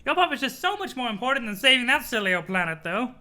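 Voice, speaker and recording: Streamer putting on a higher old granny ghost, doting, patronizing, theatrical, bright voice. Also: sing-song, quick pace. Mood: mock-sinister. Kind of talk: reading a webcomic aloud on stream.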